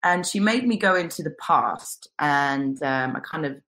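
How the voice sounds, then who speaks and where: A young woman, a guest telling a personal story in an animated way and acting out what people said. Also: sits low, unhurried. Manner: animated, acts out quotes.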